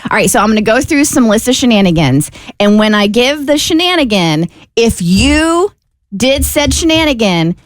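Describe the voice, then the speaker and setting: A woman co-hosting a morning radio show, briskly explaining the game rules. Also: fairly high pitch, very animated, no room sound, studio quality. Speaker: radio co-host.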